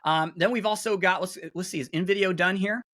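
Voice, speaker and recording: A man's voice: sits high, brisk, a bit bright. Chatty man demoing tools on a call. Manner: chatty, self-interrupting, many fillers. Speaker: webinar guest speaker. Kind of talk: casual screen-share demo.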